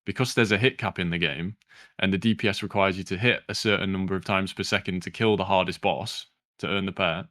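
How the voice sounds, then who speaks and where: A low-voiced man with a South Yorkshire accent talks casually as a guest on a stream. He sounds relaxed and a little self-deprecating, often restarting his sentences. His voice is recorded close and dry. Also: fairly quick, no echo. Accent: South Yorkshire English. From England. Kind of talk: casual chat.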